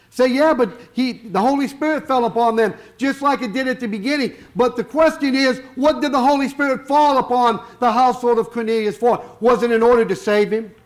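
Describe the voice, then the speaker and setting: A man preaching a sermon, firing rhetorical questions and stretching out the words he wants to stress. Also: very high voice.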